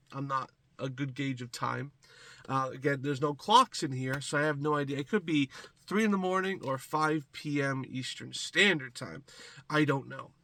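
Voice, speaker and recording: Rambling casually to his viewers from a small closet, a gaming commentator sounds stuffy and congested from a cold. His medium-pitched voice is pushed and bright with vocal fry, and the recording is dry.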